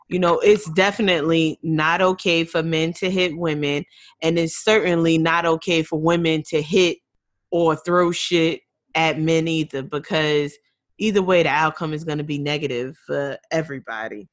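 A woman's voice: sits low, steady tone, moderate pace, no echo. A woman co-hosts a casual podcast, giving earnest advice in a frank way, with casual swearing. Her voice sits mid-range and sounds dry and close, with no room around it. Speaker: podcast co-host.

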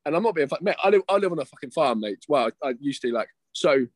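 Fast-talking sweary man. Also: fairly high pitch, expressive, no echo. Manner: rambling, sweary, peppers speech with "mate" and "bro". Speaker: guest, competing bodybuilder. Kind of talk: casual chat.

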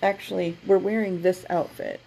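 Brief woman co-host, low and heavily gravelly voice, animated storyteller in relaxed chat. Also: moderate pace, slight background noise, poor audio. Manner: animated, laughs mid-story, acts out quotes. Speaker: podcast co-host. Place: her office.

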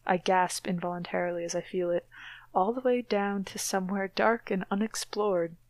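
A woman's voice: medium pitch, moderate pace, no echo. A woman co-hosting a podcast, reading a novel aloud dramatically and breaking off for wry, mocking asides. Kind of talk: dramatic reading with sardonic commentary.

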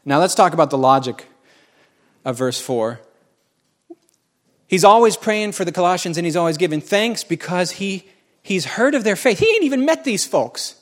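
Animated man preaching, pitch swinging. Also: normal speed, pauses often. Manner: animated, swings between loud exclamations and quiet asides; folksy, joking with the congregation. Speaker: pastor. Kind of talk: sermon.

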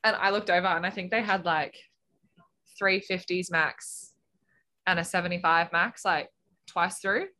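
Young female athlete, casual, animated storyteller, laughs easily. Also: fairly low pitch, a little slow, long pauses. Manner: animated storyteller, acts out quotes, laughs often. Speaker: guest swimmer. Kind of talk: casual interview chat.

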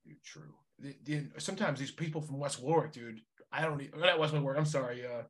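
A man from Rhode Island hosting a casual chat, reacting loudly and with animation. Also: medium pitch, a little fast.

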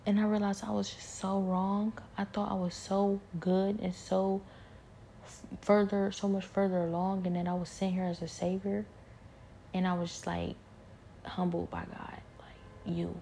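Low gravelly woman half whispering her faith story, flat and dark, faint hiss behind. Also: normal speed. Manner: hushed, often whispering, rambling. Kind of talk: personal spiritual testimony.

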